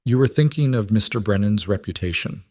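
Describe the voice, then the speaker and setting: A man voicing a composed, quietly cutting woman. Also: lowish voice, a little fast. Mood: controlled. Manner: even, controlled, quietly cutting. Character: composed former schoolteacher woman, dignified.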